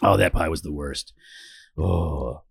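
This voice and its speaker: A man's voice: rumbling low, slow pace, gravelly, husky, no room sound. A man in his forties chatting casually as a podcast co-host, teasing his friend and telling stories with lots of animation. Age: 40s. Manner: animated storyteller, teasing, acts out his own shouting. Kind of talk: casual chat.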